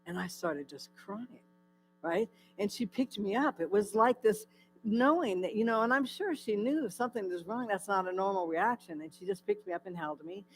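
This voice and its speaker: A woman's voice: medium pitch, animated, normal speed, a little hiss or hum, poor audio. A woman from California giving a personal testimony to a church audience, telling her story with many fillers and asking the audience questions. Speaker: guest speaker. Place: church hall.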